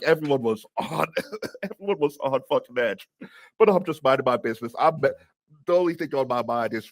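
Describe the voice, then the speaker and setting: Podcast guest, male, low-pitched and dry, animated storyteller who laughs through his lines. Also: no room sound. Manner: animated, often laughing through his words, stammering restarts. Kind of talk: casual storytelling on a comedy podcast.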